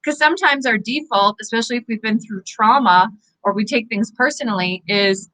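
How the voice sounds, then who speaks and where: A Canadian woman, a psychic medium, giving an earnest, encouraging inspirational talk to viewers, animated and full of fillers. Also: a little high, normal speed, low-quality recording. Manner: animated, gestures with her hands. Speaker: psychic medium hosting live angel readings.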